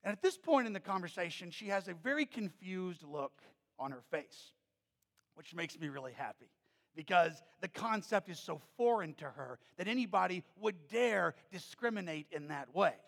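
A middle-aged man, preaching a sermon as pastor and telling stories in an animated way that builds to emphatic peaks. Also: sits high, moderate pace, creaky. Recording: long reverb of a large hall.

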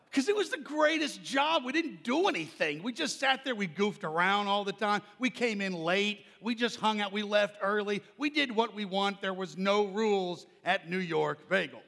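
Male pastor, high voice, gravelly, animated storytelling, big reverberant sanctuary. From Oklahoma. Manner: animated storytelling, loud and carrying. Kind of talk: sermon with personal story.

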